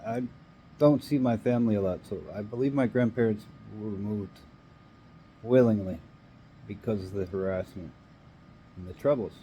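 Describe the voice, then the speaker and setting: A man's voice: fairly low pitch, moderate pace, long pauses, warm tone, a little hiss or hum. A Canadian man ranting in an angry, emphatic monologue, swearing now and then.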